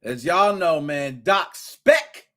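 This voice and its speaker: A man hosting a live gaming podcast, giving playful, hyped-up shout-outs to his chat with slang and rhymes. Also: fairly high pitch, animated, slow. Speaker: podcast host.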